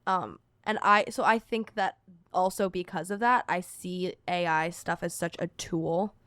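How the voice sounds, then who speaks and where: A young woman co-hosting a podcast, talking casually with relaxed, rambling sentences. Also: lowish voice, unhurried, no echo. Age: young adult. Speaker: podcast co-host. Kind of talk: casual chat.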